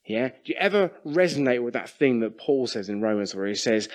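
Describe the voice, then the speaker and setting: A man's voice: mid-range voice, expressive, fairly quick, few pauses. A middle-aged man preaching a sermon in a conversational way, often asking the congregation questions.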